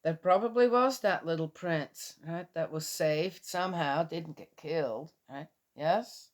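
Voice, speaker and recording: A woman's voice: low-pitched, unhurried. A woman reading a Bible passage aloud and commenting on it in a casual, skeptical way, asking many rhetorical questions.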